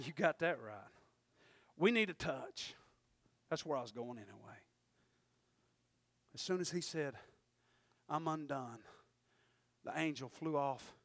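A man preaching a sermon, swinging from shouted exhortation to quiet folksy asides and calling out to the congregation. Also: medium pitch, no echo. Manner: frequent call-outs to the congregation.

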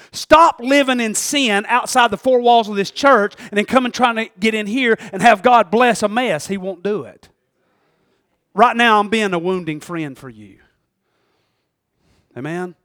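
A man preaching a sermon, emphatic and folksy, swinging between loud exhortation and quiet asides. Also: sits high, no echo, studio quality. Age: 40s. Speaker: pastor.

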